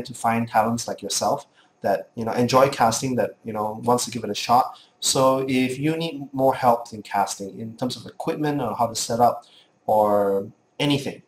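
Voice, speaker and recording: A man's voice: medium pitch, roomy sound, a little hiss or hum. A man with a Singaporean accent giving frank, encouraging critiques to new game casters, often repeating himself. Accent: Singaporean English. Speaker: casting coach.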